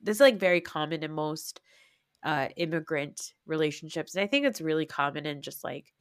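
Animated low-voiced woman podcast host. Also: normal speed, clean tone, no echo, clean studio sound. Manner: animated, laughs often, acts out scenes. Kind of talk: casual chat.

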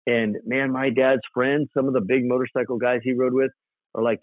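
A man's voice: medium pitch, moderate pace, no room sound. A man from South Dakota, a custom motorcycle builder, telling rambling stories as an interview guest. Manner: animated, rambling storyteller with fillers. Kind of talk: casual storytelling interview. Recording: tinny dry phone-like line.

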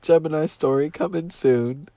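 A man's voice: on the high side, moderate pace, vocal fry, dark tone, a little hiss or hum. A man hosting a podcast in a casual monologue, nasal and teary from crying, talking in a profane, dramatic and emotional way. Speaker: podcast host.

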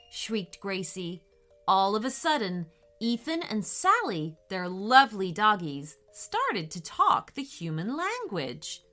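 A woman's voice: mid-range voice, takes it slowly, faint music behind. A woman hosting and narrating children's storybook stories, upbeat and speaking straight to the kids. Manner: upbeat, lively, addressing kids directly. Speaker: host and storyteller.

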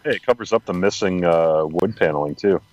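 A man's voice: low-pitched, brisk, no room sound, highs cut off. A man joining a podcast chat remotely by video call, making dry, brief remarks. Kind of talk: casual chat.

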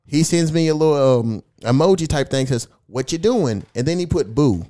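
A man with a fairly high voice hosts a casual podcast. His pitch swings widely as he tells a profane, mocking story, reading text messages aloud between jabs at the sender. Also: normal speed. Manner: animated, mocking. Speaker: podcast host.

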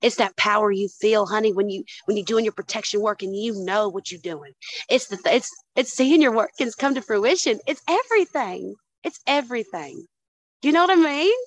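Speaking at normal speed in a medium-pitched voice, a woman guest on a podcast tells stories in a relaxed chat, cursing often and addressing the listener as "honey" and "dude." The recording is rough, with no echo.

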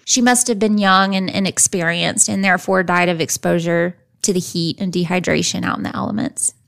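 A woman's voice: fairly low pitch, steady tone, a little fast, vocal fry, fairly bright tone. A woman hosting a true crime podcast, telling a case from her notes in a casual, chatty way with playful asides. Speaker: podcast host. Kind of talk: casual chat and case narration.

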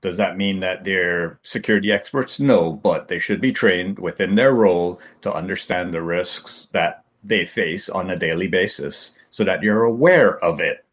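A man's voice: sits low, moderate pace, hardly any pauses. A man speaking as a guest on a casual panel chat, explaining things plainly and matter-of-factly.

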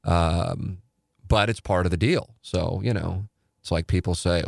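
A man's voice: low-pitched, normal speed, vocal fry, no echo, clean studio sound. A middle-aged man, a radio show host, talking candidly and rambling on a podcast. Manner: rambling, candid, self-correcting. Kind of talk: reflective podcast talk.

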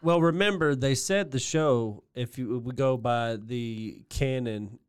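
A man's voice: medium pitch, takes it slowly, smooth. A man co-hosting a podcast, joking and chiming in while the episode is recapped. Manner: chimes in, laughs, riffs on jokes. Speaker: podcast co-host. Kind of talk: casual recap chat.

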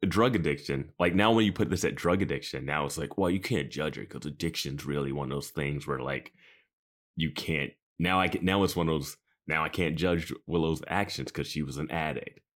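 A man's voice: rumbling low, brisk. A man co-hosting a podcast, giving sarcastic, opinionated commentary in casual chat. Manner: sarcastic, opinionated, trails off softly. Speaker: podcast co-host.

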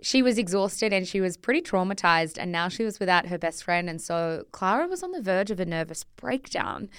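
A woman co-hosting a podcast reads through a scripted history story in a smooth, clean, fairly low voice. She keeps it chatty and drops into casual asides. The sound is dry and close, with no room around it. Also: fairly bright tone, no room sound. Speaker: podcast co-host.

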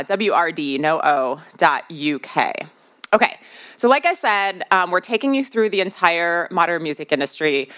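A woman's voice: lowish voice, fairly bright tone, clean tone. Chatty Midwestern American woman host. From United States. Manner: chatty, asks the crowd questions, many fillers. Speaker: podcast host. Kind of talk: live podcast talk to an audience. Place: live venue with audience.

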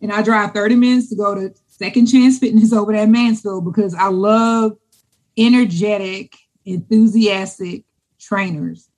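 A middle-aged woman, a guest in a casual interview, talking in a chatty, enthusiastic way and repeating words when excited. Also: mid-range voice, moderate pace, low-quality recording. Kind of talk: casual conversation.

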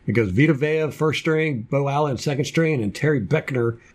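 A man's voice: mid-range voice, normal speed, darkish tone. A man co-hosting a casual sports podcast, running through a team depth chart with jokey asides. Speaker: podcast co-host.

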